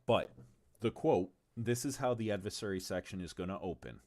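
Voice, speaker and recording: A man's voice: lowish voice, a little fast, darkish tone. A man chatting casually on a livestream about the tabletop game he is designing, rambling and swearing freely, with frequent stumbles and asides. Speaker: game designer presenting his tabletop game on stream.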